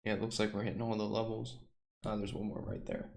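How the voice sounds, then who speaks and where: A man who is losing his voice from a sore throat, hosting a casual live stock trading stream and reading out price levels slowly. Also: on the low side, level tone, creaky, a little mellow, echoey room. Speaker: stock trading livestream host. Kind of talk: casual live market commentary.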